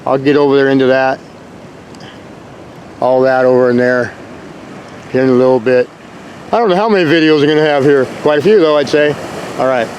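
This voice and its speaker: A man's voice: mid-range voice, steady tone, fairly quick, long pauses, a little mellow, a little hiss or hum. A man narrating as he films outdoors on a rocky shore, rambling and exclaiming, breaking into whoops now and then. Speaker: vlogger exploring rock formations. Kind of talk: excited narration while filming outdoors.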